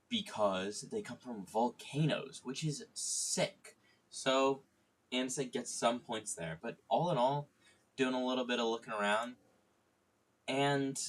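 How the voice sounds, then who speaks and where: A man's voice: lowish voice, fairly bright tone. A young man chatting casually on a stream, joking and swearing, rambling with lots of fillers. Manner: joking, irreverent, swears freely.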